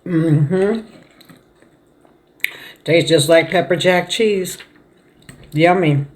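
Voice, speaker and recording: A middle-aged woman talks casually to her viewers while eating a meal at home. She chats in a relaxed, homey way, laughs often, and murmurs between mouthfuls. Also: lowish voice, drawn-out words. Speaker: mukbang vlogger.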